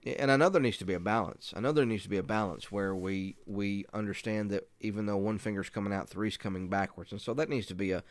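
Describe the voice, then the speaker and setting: A man's voice: lowish voice, quick pace, few pauses, no echo. A man teaching other preachers in an earnest, emphatic way. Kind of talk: preaching instruction.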